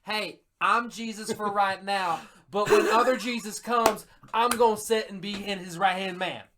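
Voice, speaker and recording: A man's voice: sits high, normal speed, bright, forceful tone, pitched above the performer's own voice. A man jokingly voicing a smug man who has declared himself a savior, drawling his words.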